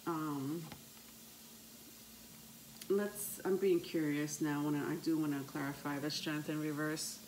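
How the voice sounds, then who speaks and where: A woman giving a tarot reading to her viewers, unhurried and hesitant, with frequent ums, calling listeners "my love". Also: deep voice, steady tone, a little mellow, a little hiss or hum, low-quality recording. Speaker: tarot reader.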